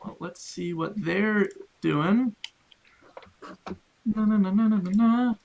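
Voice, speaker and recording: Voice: mid-range voice, slow pace, vocal fry, a little mellow. A game master narrating a tabletop game in a loose, rambling way, full of "like" and "um". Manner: loose, filler-heavy narration with lots of "like" and "um".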